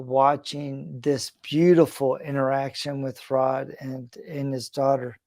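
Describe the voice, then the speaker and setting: A man's voice: medium pitch, a little mellow, dry recording, studio quality. A middle-aged man hosting a podcast, telling a heartfelt personal story in an earnest, reflective, conversational way. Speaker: podcast host.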